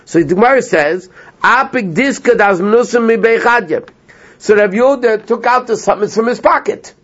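A man teaching a small class, retelling a story with lively energy and translating as he goes. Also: sits high, moderate pace. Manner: animated storyteller, translating line by line, laughs often. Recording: lo-fi dull sound.

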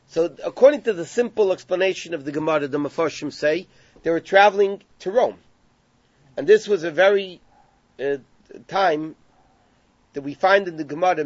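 Teaching a Gemara lesson, a high-voiced man retells the story and translates every Hebrew phrase along the way. The audio is dry and slightly dull, with no room sound.

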